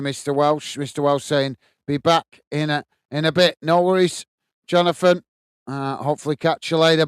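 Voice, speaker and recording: A man from the UK hosting a live football watch-along, calling the play and warmly greeting viewers by reading their chat messages aloud. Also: a little high, clean tone, dry recording. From United Kingdom. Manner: friendly, reads viewer comments aloud and greets them.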